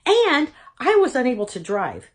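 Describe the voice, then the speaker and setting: A woman giving a personal testimony talk as a Christian speaker, telling her story in an animated, expressive way with dramatic asides. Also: high-pitched, moderate pace.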